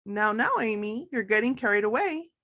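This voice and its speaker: A woman voicing a calm, kindly prefrontal cortex character in a storybook, speaking in a measured way. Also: a little high.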